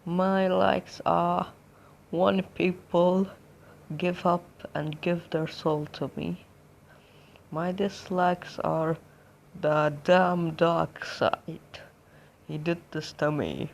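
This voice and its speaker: A vulgar young male death god read out by a woman in a homemade fan story. His low voice drags along, slow and gravelly, and he sneers and threatens everyone around him. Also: steady tone, muffled recording, a little hiss or hum, full character voice. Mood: menacing.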